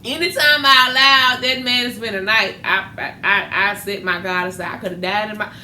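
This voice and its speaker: A woman's voice: medium pitch, fairly even intonation, brisk, bright, forceful tone. A woman hosting a podcast, talking candidly and animatedly about faith and dating. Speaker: podcast host. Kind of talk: casual faith talk. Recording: echoey room with faint noise.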